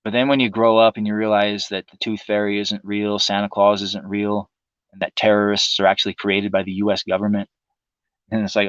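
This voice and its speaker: A man's voice: lowish voice, little pitch movement, a little fast, smooth, no echo. Profane ranting man on a lo-fi stream. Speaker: livestream host. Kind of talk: casual political monologue.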